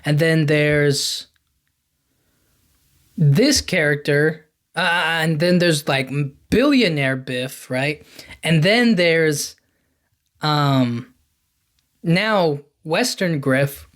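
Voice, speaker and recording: A man hosting a podcast, casually retelling a film's plot in a rambling, enthusiastic way, slipping into quick quoted lines. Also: fairly high pitch. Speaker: podcast host. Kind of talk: casual movie recap.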